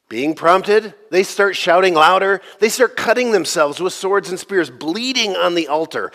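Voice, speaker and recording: Animated man preaching a sermon. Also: high voice, a little slow. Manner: animated storytelling, acts out quotes with sarcasm; laughs between lines. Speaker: pastor.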